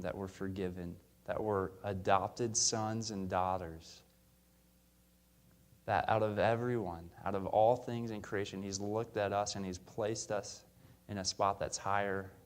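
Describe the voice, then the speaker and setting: Very low-voiced young man preaching. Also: darkish tone. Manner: earnest, conversational storytelling with fillers. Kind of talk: sermon. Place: church.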